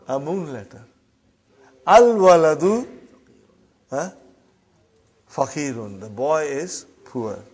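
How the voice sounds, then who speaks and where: A man teaching an online Arabic class. He reads each Arabic phrase slowly, explains it quickly in English, keeps saying "huh?" and calls his students brothers and sisters. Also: on the high side, darkish tone, husky.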